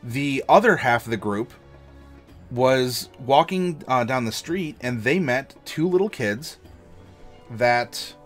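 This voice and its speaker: A man's voice: medium pitch, lively intonation, slow pace, soft background music. An American man, a game master and streamer, giving tabletop storytelling advice in an enthusiastic, demonstrative way. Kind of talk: livestream advice chat.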